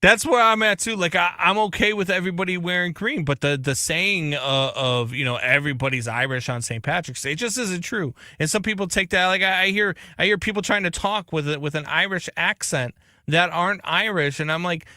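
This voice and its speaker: A man co-hosting a sports radio show, giving animated, emphatic opinions in casual banter. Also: sits high, fairly quick, no room sound, clean studio sound.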